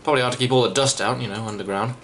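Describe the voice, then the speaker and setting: Quiet man reading game dialogue. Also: mid-range voice, fairly even intonation, very fast, slight background noise. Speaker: let's play host.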